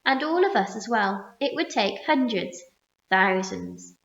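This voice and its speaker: A woman's voice: medium pitch, expressive, unhurried, vocal fry. A woman voicing a wise, fussy old male grasshopper in a storybook reading. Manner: sharp, fussy. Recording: roomy muffled recording.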